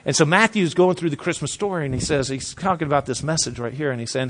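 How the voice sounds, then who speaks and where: A man preaching a sermon emphatically, dropping low for weight and restarting with repeated words. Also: expressive, fast, hardly any pauses, fairly bright tone. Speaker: pastor.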